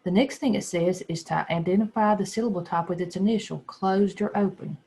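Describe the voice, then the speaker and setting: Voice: medium pitch, steady tone, fairly quick, darkish tone. A second grade teacher giving a phonics lesson to young children, patiently sounding out words and spelling letters one by one.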